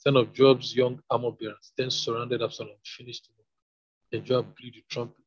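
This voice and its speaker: A man reading a Bible passage aloud in a plain, steady way. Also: medium pitch. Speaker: scripture reader. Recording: dull lo-fi recording.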